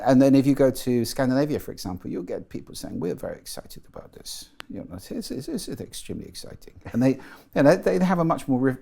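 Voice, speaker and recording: A man's voice: lowish voice, vocal fry, mellow. A middle-aged man, a guest in an interview, explaining articulately and with enthusiasm. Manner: articulate and enthusiastic, demonstrates voices while explaining. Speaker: guest, voice and sound expert.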